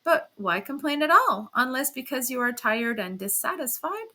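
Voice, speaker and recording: A woman voicing a timid, gentle young wife who speaks softly and hesitantly. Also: high voice, very animated, normal speed, full character voice. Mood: plaintive. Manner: soft, hesitant, plaintive.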